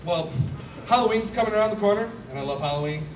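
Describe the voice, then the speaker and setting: A man's voice: sits high, lively intonation, fast. Young man doing stand-up in an echoey club. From Michigan Upper Peninsula. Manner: self-deprecating, acts out quoted voices with yelps. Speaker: stand-up comedian. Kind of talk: stand-up set. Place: comedy club stage. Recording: echoey club from a distant mic with loud audience noise.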